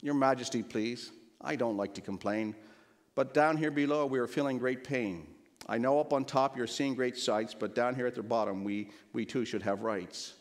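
A man's voice: medium pitch, normal speed, close to an everyday voice. A man voicing a plain, tired little male turtle who pleads politely, read aloud as a storybook in a reverberant church. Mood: pleading. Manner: meek, pleading, complaining softly. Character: small, humble, weary male turtle.

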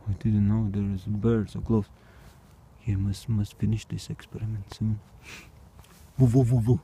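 Outdoors at night, a vlogger with a fairly low, warm, husky voice runs a small experiment while talking casually at a moderate pace. His delivery is completely flat, hesitant and wondering, broken up by bursts of mooing, barking and meowing.

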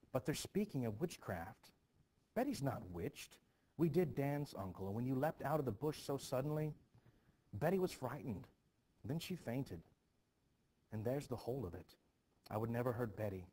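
A man's voice: mid-range voice, dark tone. A male teacher reading a play aloud, voicing a defiant teenage girl who pleads and turns indignant.

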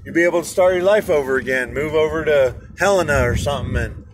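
A man voicing a smooth-talking wealthy mine businessman in an odd put-on accent, speaking from his car. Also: a little high, quick pace, noisy background, natural voice. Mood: persuasive. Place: car in rush hour traffic.

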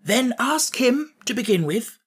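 A man's voice: extremely high pitch, sing-song, a little slow, fairly bright tone, slightly rough, voice pushed up, full character voice. A man voicing a vain, touchy straw king who lectures in a grand manner, in a storybook audiobook. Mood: haughty. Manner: grand, lecturing, easily flustered. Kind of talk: audiobook character voice.

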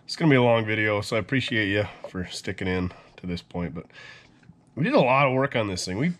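A man's voice: lowish voice, animated, fast talker. A man hosting a truck build video, chatting casually and joking with viewers as he works. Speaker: mechanic and video host.

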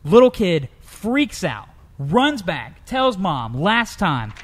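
Lively young-sounding man telling funny stories. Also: takes it slowly, slightly rough. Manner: lively storyteller, jumps into high pitch for characters. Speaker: co-host. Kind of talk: comedic news-story chat.

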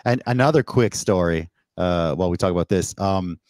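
Canadian guy hosting a chat, lowish voice, tells stories all animated, dry close sound. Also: normal speed, dry recording. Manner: animated storyteller who acts out quotes with laughs. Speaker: podcast host. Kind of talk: casual interview chat. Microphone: remote call setup.

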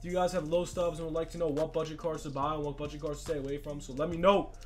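A young man hosts his own channel and talks over sports-game footage in a fairly high, eager voice. He gets loud and hyped, talks right to his viewers, and a faint music bed plays under him. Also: racing. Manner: hyped, talks straight to fans, shouts when excited. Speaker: gaming channel host. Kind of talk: excited gameplay commentary.

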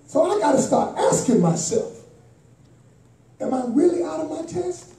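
A man preaching a sermon in a church sanctuary, building from plain teaching to impassioned shouts in a call-and-response style. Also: extremely high pitch, lively intonation, moderate pace. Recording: echoey church hall, voice from far off.

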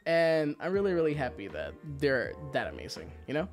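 A man chatting casually on a livestream, excitable and quick to laugh, swearing freely between thanks to viewers. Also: on the high side, soft background music. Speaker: virtual idol streamer.

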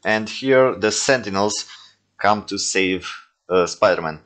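A young man with a deep, low voice talks casually through his homemade toy films, often stopping to say "uh" and correct himself. English is not his first language, and his delivery stays loose and rambling. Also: a little slow, fairly bright tone. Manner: rambling, with frequent fillers and self-corrections. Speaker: toy film creator commenting on his own movies. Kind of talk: casual reaction commentary.

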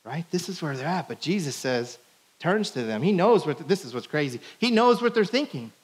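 Man, pastor, church sermon, casual playful delivery, slightly high voice. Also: very animated, fairly quick. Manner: conversational, playful preaching with acted-out quotes. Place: church sanctuary.

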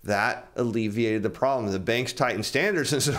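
A man in an everyday middle pitch talks through financial charts in a casual commentary style. He explains each point plainly to viewers he calls his friends. Now and then he slips into quoted asides, voicing what bankers or borrowers might say. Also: normal speed, a bit bright.

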